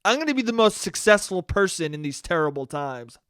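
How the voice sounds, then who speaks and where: A man's voice: sits high, big pitch swings, fairly quick, a bit bright, clear, resonant tone, dry recording, studio quality. A young man hosting a solo comedy podcast, rambling and profane, laughing at his own jokes. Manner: slips into mock voices. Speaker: podcast host.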